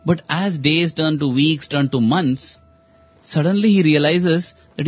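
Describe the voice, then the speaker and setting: A man's voice: fairly high pitch, a little slow, dry recording, dull audio, soft background music. A man, earnestly retelling spiritual parables in a storytelling talk. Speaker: speaker on a spiritual talk show.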